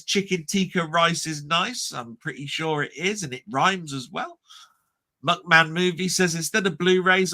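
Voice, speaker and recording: A man with a bright, forceful voice, a touch higher than most, hosts a casual livestream. He reads viewer comments aloud and answers them in a chatty, self-deprecating manner. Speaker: livestream host reading chat comments. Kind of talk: casual live chat.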